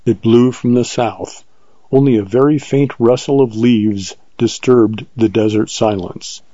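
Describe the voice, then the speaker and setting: A man reading an audiobook in scripted narration, calm and even. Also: medium pitch, measured pace, no room sound, dull audio.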